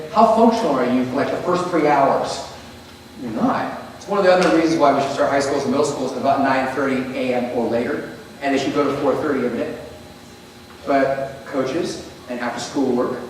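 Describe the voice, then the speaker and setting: A man giving a lively, joking talk to teachers, acting out little scenes. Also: a little high, slight background noise. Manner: animated, jokey, acts out scenes. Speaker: teacher presenter. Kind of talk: workshop presentation to teachers. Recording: echoey hall from far off.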